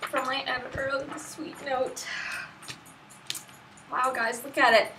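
A woman's voice: high voice, fairly even intonation, takes it slowly, distant mic, noisy background. A woman author chatting expressively straight to her camera's viewers, recorded at home. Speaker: author unboxing her book. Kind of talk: casual vlog to camera. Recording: echoey room, voice off-mic.

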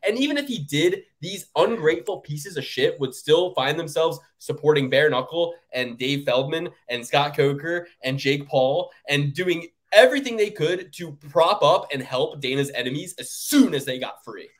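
Profane, ranting American man. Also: normal speed. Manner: animated, profane ranting with big pitch jumps. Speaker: podcast co-host. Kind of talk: casual sports betting chat.

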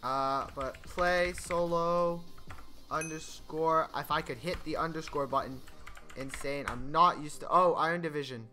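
A man streaming gameplay, chatting casually, getting excited and laughing often. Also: on the high side, measured pace, soft background music. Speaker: gaming streamer. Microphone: desk microphone.

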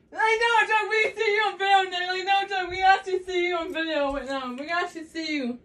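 A woman vlogging to her phone in a giggly, excitable way, calling out to her viewers over and over. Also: extremely high pitch, moderate pace, distant mic. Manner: giggly, excitable, keeps saying "you guys". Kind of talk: casual phone vlog. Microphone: phone set down nearby.

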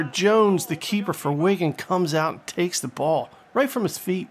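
Excitable high-voiced man calling a game. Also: normal speed, few pauses, a little hiss or hum. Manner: excitable, jokey, swings up loud when play heats up. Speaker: gaming channel host. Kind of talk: play-by-play video game commentary.

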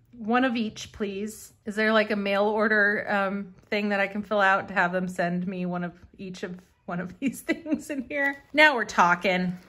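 A woman giving casual, excitable commentary as she flips through an old catalog, reading items aloud and reacting. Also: medium pitch. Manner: chatty and excitable, gasps and laughs at items. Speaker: vintage catalog vlogger.

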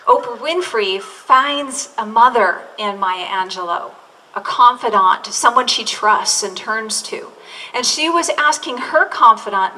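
A woman pastor delivers a sermon at an unhurried pace, drawing out key words for emphasis. Her voice is bright and forceful, her tone earnest. She is recorded from a distance, with a faint hum of room ambience. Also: a little high. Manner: slow, earnest preaching with drawn-out emphasis.

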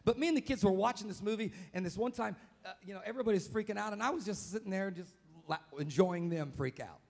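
A man preaching a live church sermon as pastor, dramatic and vocal, acting out scenes with sudden shouts. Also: high voice, fast, creaky. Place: church sanctuary, live service.

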